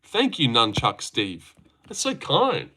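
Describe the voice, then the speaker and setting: Bright-voiced young man on stream. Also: huge pitch swings, slow pace. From Australia. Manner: teasing, swears freely, jumps up in pitch when mocking. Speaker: livestream host reading chat. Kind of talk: casual live chat about fights.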